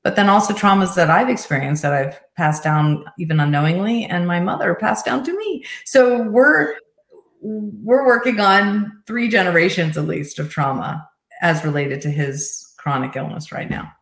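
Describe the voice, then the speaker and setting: A middle-aged woman coach speaks in an earnest, reflective way, slipping in soft laughs now and then. Her voice sits a little low, and the room around her is echoey. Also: expressive, moderate pace. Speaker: life coach, guest. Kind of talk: conversational interview storytelling.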